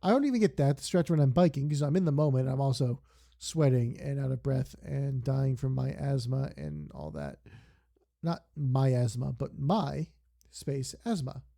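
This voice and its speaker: A man's voice: medium pitch, lively intonation, moderate pace, creaky, mellow. A young man streaming a game, chatting casually and drifting off into long digressive stories. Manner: rambling, digressive storytelling. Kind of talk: casual stream chat while gaming.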